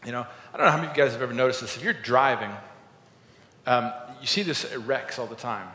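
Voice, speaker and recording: Earnest male pastor preaching in an echoey hall. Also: fast. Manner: earnest storytelling, swings from loud emphasis to quiet reflection. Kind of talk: sermon. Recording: echoey hall with faint rumble.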